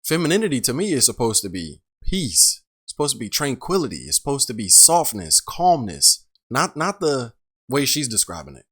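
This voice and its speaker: A man's voice: mid-range voice, sing-song, normal speed, fairly bright tone, slightly rough. A man hosting a reaction show, giving blunt commentary full of rhetorical questions. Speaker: reaction host. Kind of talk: casual commentary on a clip.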